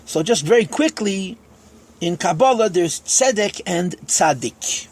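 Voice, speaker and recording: Husky high-voiced man teaching scripture. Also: lively intonation, measured pace. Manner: quotes verses in Hebrew, then explains them in English. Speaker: Torah teacher. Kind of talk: lesson explaining Psalm verses at a gathering.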